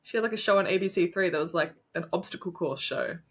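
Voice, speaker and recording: A woman's voice: fairly low pitch, fast, slightly rough. A young Australian woman chatting casually as a podcast co-host, giggly and gushing. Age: young adult. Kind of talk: casual chat.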